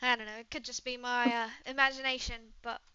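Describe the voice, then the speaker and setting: A woman's voice: on the high side, flat delivery, fast, lo-fi sound, crowd noise, natural voice. A woman doing a prim British trainer girl. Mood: curious. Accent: put-on British. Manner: prim, gently condescending. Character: poised British young woman trainer, calls people darling.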